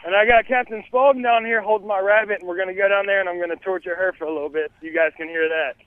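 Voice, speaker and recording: A man's voice: high voice, steady tone, very fast, dry recording, narrow, tinny audio. A man calling in live from a haunted attraction, telling stories in a loose, rambling way. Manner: rambling, laid-back storytelling. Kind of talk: casual live field report.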